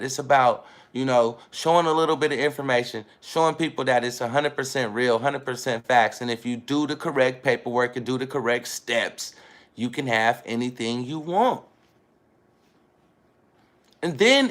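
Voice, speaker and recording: A man's voice: fairly high pitch, a bit bright. A man talking casually to his viewers in a rambling, emphatic monologue, often repeating phrases for weight. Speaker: vlogger. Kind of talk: casual self-filmed monologue.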